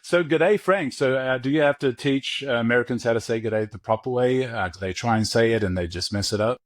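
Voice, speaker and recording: A man's voice: mid-range voice, a little fast, dry recording, studio quality. A man hosting a podcast interview, friendly and joking, laughing easily with his guest. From Australia. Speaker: podcast host.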